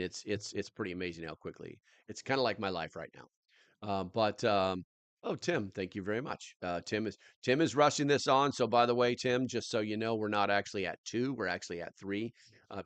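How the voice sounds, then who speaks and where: Chatty male livestream host, lowish voice, rambles with fillers, dry close sound. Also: a bit bright, dry recording. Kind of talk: casual livestream chat.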